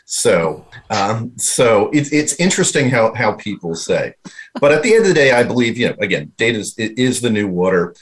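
A man's voice: fairly low pitch, very animated, moderate pace. A man speaking as a panel guest, thinking aloud with frequent restarts. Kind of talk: discussion talk.

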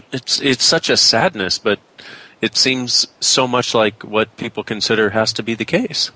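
Bright-voiced animated man chatting. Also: mid-range voice, a little slow, poor audio. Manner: animated, rising excitedly on exclamations. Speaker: co-host. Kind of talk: casual conversational chat.

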